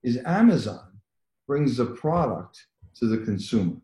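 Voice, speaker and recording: A man speaks with a mellow, warm tone and a lively, rising-and-falling pitch. He tells his story conversationally, acting out past exchanges and slowing down to make each point with care. The recording carries a noticeable roomy echo. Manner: recounts dialogue, explains points slowly and deliberately.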